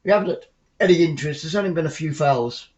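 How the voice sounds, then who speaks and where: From home, a man with a slightly high voice hosts a live fan stream, commentating casually on a football match he's watching remotely. He talks quickly with chatty, rambling asides that get excitable when the action heats up, and the audio has its highs cut off.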